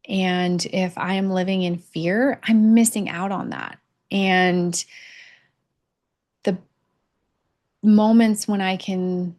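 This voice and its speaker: A middle-aged woman speaking candidly in an unscripted personal vlog, halting often with pauses and fillers. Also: fairly low pitch, gravelly, darkish tone. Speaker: vlogger sharing a personal reflection. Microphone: camera mic.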